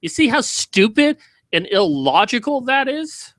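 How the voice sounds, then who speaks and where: A man's voice: extremely high pitch, big pitch swings, a little slow, fairly bright tone, no echo. A man hosting a commentary video, ranting in a heated, sarcastic way with heavy swearing.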